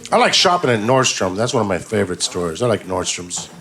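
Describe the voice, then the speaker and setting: A man's voice: on the low side, sing-song, brisk, hardly any pauses. A man doing a stand-up comedy set, crude and rambling, acting out other people's lines. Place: comedy club stage. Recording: live club set with loud crowd laughter and noise.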